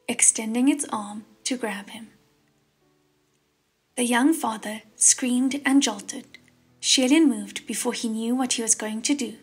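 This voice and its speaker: A woman narrating a fantasy audiobook in a steady, unhurried reading voice that is husky. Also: on the high side. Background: soft piano music.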